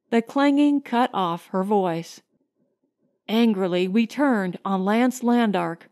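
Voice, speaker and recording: A woman reading a science fiction short story aloud in a measured, grave storytelling manner. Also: medium pitch, darkish tone. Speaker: audiobook narrator. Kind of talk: scripted narration.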